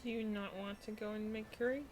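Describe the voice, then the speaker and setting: A woman co-hosting a game stream, making dry, low-key remarks. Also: steady tone, fairly quick, darkish tone, soft background music. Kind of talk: casual gameplay chat.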